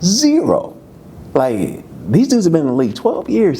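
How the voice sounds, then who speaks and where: In a relaxed, candid interview, a man in his fifties who used to play football shares stories at a normal speed. When excitement takes hold, his voice leaps upward.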